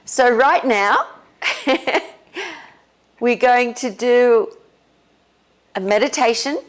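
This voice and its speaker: A woman spiritual teacher talking casually and leading a guided meditation, relaxed and often laughing. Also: on the high side. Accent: non-American English. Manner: slow, relaxed, with frequent laughs.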